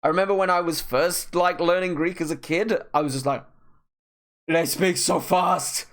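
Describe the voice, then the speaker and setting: A male art streamer chats as he paints, talking slowly with deliberate pauses between thoughts. He rambles a bit, with plenty of restarts mid-sentence. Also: a little high. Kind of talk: casual chat while painting on stream.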